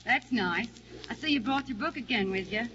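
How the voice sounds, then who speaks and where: An actress playing a chatty, teasing working-class wife in a wartime air-raid shelter, in 1940s radio acting. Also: female voice, a little high, expressive, normal speed, pushed and bright. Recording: muffled 1940 radio broadcast with hiss.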